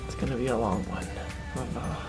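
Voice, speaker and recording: A teenage man vlogging in a casual, animated way, exasperated and acting out the people he quotes. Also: mid-range voice, a little fast, music in the background. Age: teens. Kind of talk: casual vlog storytelling. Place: cold house and busy restaurant.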